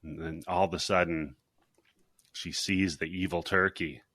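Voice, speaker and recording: A man's voice: sits low, steady tone, unhurried, pushed and bright, no echo. A man hosting a podcast, recapping a horror movie in casual chat, joking and laughing often. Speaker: podcast host.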